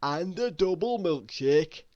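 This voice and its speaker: A woman's voice: fairly low pitch, lively intonation, slow pace, darkish tone, no room sound, highs cut off. A woman reading the lines of a meek, hungry, greedy man in a storybook.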